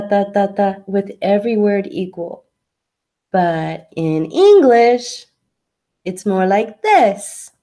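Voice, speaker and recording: During an online English lesson, a woman answers a student's question by patiently explaining pronunciation tips with examples. Her medium-pitched voice is soft and mellow, and her unhurried, deliberate pace seems to give the student time to follow.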